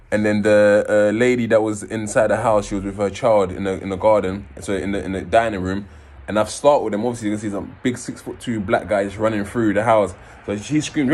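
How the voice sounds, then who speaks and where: A man, casually telling his own story in an animated way, swearing and acting out scenes. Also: lowish voice. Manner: animated, swearing, acts out scenes in raised voices.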